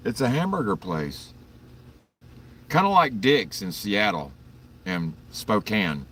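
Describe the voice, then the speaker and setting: A very deep-voiced man chats through an early-morning livestream, rambling through stories with plenty of swearing and chuckles. He sits some distance from the mic, with faint vehicle noise in the background. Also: sing-song, slow, long pauses, a bit bright. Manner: rambling, profane storytelling with frequent chuckles; greets viewers in chat by name. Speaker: livestream host.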